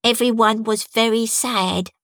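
Storybook: small lisping boy, eager and proud, put on by a woman narrator, higher voice, dry sound. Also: fairly even intonation, measured pace, a bit bright, no room sound. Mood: earnest.

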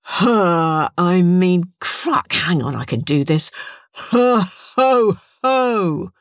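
A woman voicing a kindly female sea creature who poses as Santa Claus and talks in a gentle, agreeable way. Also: fairly low pitch, animated, very slow, no room sound, studio quality.

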